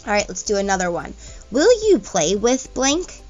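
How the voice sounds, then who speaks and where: A woman teaching a grammar lesson to young students, patient and explanatory, slowing down to spell out example sentences. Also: mid-range voice, big pitch swings, darkish tone. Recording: dull lo-fi recording with faint music.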